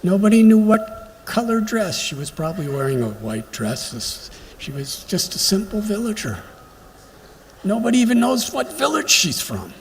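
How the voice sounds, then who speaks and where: A man giving a devotional lecture, telling stories slowly and reflectively with emphatic pauses. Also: high voice, very animated, creaky. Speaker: spiritual lecturer. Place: temple hall during a pilgrimage. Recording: long hall reverb, faint background noise.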